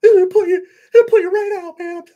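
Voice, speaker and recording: A man putting on the high, drawling voice of a fellow male inmate who casually pushes pills on people. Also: fairly even intonation, normal speed, mellow, highs cut off. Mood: mocking.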